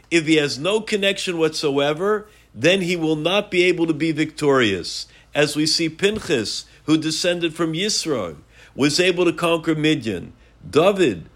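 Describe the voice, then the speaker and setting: Male Torah teacher with a somewhat high voice, measured explanatory delivery, daily lesson. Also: a bit bright.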